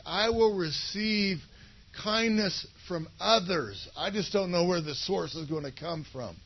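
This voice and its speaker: A man's voice: high-pitched, breathy edge, muffled recording. A male pastor preaching a casual sermon in a conversational, rambling way, often checking in with his listeners. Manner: conversational, rambling, asks for agreement.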